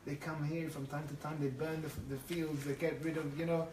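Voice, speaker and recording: Man teaching torah with stories, lively, far from mic, echoey room. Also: on the high side, normal speed, background noise. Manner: animated, often restarts phrases. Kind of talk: lively storytelling lecture.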